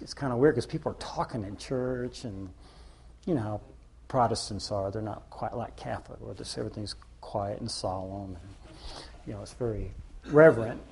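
Middle-aged male preacher, low-key and rambling, mellow husky tone. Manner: rambling, conversational, self-deprecating. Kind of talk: informal sermon.

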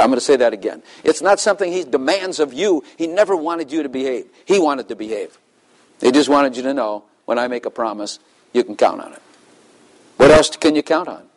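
A man's voice: medium pitch, animated, moderate pace, rough recording. Chuckling older male preacher. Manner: conversational preaching, chuckles often, asks the congregation questions. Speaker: pastor. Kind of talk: sermon.

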